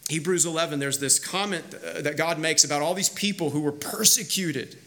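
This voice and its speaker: A man's voice: on the high side, fairly quick, bright, forceful tone. A man preaching a sermon as pastor, in a conversational, emphatic way with frequent restarts. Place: church sanctuary.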